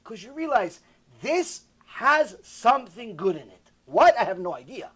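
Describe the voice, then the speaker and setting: A rabbi telling a sermon story in an animated, repetitive way, acting out the dialogue himself. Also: male voice, very high voice, measured pace.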